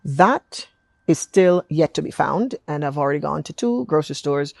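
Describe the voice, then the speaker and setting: A middle-aged woman from Jamaica with an American accent, telling stories in a chatty, animated vlog and acting out quotes. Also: low-pitched, moderate pace, creaky, no echo. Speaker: vlogger and apostle. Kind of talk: casual storytelling vlog.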